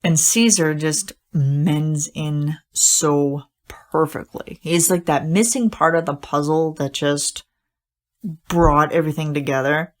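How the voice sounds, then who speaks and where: Low-voiced woman gushing on a podcast. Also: steady tone, slow pace. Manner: gushing, rambling, many fillers and restarts. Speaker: podcast host. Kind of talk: casual solo podcast talk.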